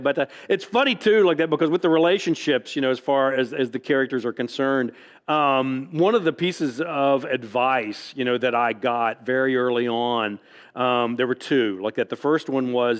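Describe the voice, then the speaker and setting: A man's voice: mid-range voice, moderate pace. A man, an author at a library event, telling anecdotes to a live audience in a rambling, self-amused way, packed with fillers and chuckles. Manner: breaks into chuckles at his own stories. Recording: long reverb of a large hall.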